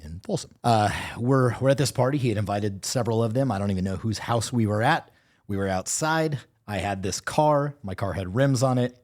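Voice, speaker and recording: A man co-hosting a casual podcast, swearing often as he tells a rambling, animated story. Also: fairly low pitch, brisk. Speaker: podcast co-host.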